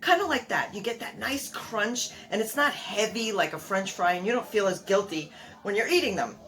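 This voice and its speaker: A woman's voice: medium pitch, expressive, moderate pace, a bit bright. An older woman talks viewers through a recipe in her home kitchen. She is chatty and homey, wandering off track with fillers and asides as she works. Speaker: cooking show host. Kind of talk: casual cooking demonstration.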